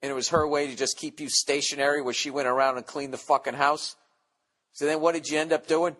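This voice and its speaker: A man's voice: on the high side, fairly even intonation, a little fast, fairly bright tone. Podcast host, man in his forties; profane, sarcastic, rambling monologue delivery. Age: 40s. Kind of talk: casual comedic monologue.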